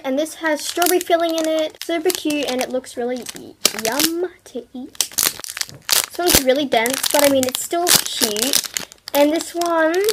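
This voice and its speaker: A young woman vlogger unboxing products in an excitable, gushing way, full of exclamations. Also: sits high, heavy background noise.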